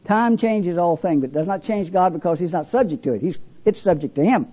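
An older man preaching his testimony dramatically, with a husky voice, alternating loud emphasis and hushed low lines. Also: lively intonation, brisk. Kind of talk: sermon testimony. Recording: dull lo-fi recording.

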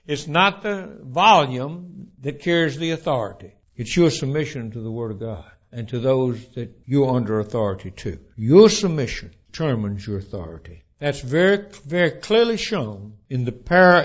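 Folksy preacher, lo-fi. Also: male voice, fairly high pitch. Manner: folksy, animated storytelling with restarts. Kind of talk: sermon.

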